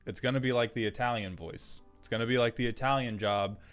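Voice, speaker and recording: A man hosting a live stream in casual chat, rambling and throwing in quick asides to his viewers. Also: mid-range voice, steady tone, soft background music. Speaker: streamer host.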